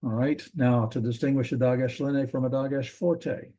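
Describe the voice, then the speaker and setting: A man gives a classroom lecture in a dark, mellow voice. He talks in a loose, rambling way, stopping often to say um and correct himself. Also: mid-range voice, moderate pace. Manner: relaxed, rambling, frequent ums and self-corrections. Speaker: Hebrew teacher.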